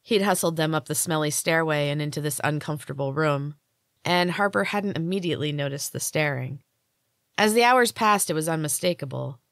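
A woman reads her own story aloud in a calm, measured narration. Her voice sits low. The recording is dry and close, with no room echo. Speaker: podcast host reading her own fiction. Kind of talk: audiobook-style story narration.

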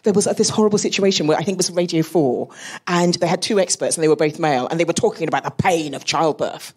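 Scientist guest, woman, breathy edge, quick, warm storyteller energy. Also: fairly low pitch. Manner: animated, laughing, storytelling. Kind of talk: live podcast panel talk. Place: live audience at a museum event.

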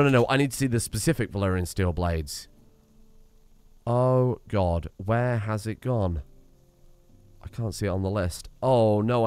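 A young man narrating his own strategy gameplay out loud, talking to himself and cursing as he plays. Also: on the low side, no room sound. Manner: talks to himself while playing, swearing and exasperated. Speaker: let's play streamer. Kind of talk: live gameplay commentary.

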